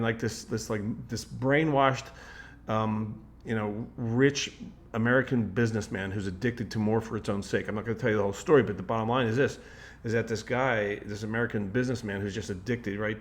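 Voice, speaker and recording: A man speaking in a casual, rambling monologue as a motivational speaker, often restarting sentences and switching into quoted voices. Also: mid-range voice. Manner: rambling, with frequent restarts and "like" fillers.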